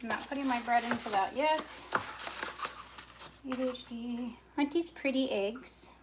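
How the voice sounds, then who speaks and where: A woman's voice: a little high, moderate pace, background noise. A woman narrating her own cooking in a casual livestream, muttering to herself as she works in her home kitchen. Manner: chatty self-narration, muttering to herself, bursts of yelling at her dog. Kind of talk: casual talk while cooking.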